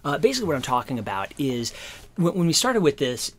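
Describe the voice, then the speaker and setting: A man giving a casual guitar lesson, explaining in a relaxed, rambling way with lots of fillers. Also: a little high, quick pace, a little hiss or hum. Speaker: guitar teacher. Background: guitar playing.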